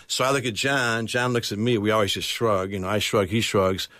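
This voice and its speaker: A man's voice: fairly low pitch, a little fast, pushed and bright, no room sound. An American man, an author, telling a tense travel story in a radio studio and acting out the people in it. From United States. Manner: vivid storyteller, quotes others in character. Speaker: author and guest.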